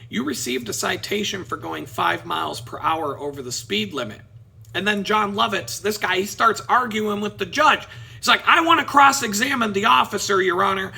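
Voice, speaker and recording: A man vlogging, telling a story in a casual, profane, animated way. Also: on the high side, creaky, slightly rough. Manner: profane, animated, laughing at his own story.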